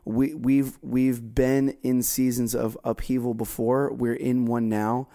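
A man with a warm, mellow voice talks in a loose, rambling way, often restarting his sentences. He sounds casual and self-deprecating, like a co-host chatting with a pastor. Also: medium pitch, level tone, takes it slowly. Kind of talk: casual conversational chat.

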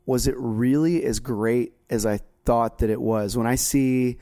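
A man's voice: medium pitch, steady tone, unhurried, dark tone. A man co-hosting a casual chat, rambling and self-deprecating with many restarts. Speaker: co-host.

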